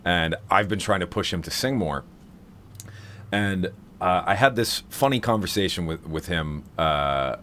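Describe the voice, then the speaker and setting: Low-voiced man rambling on a live stream. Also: fairly bright tone, a little hiss or hum. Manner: rambling, many fillers and restarts. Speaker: streamer hosting a vocal seminar. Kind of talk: casual live-stream chat.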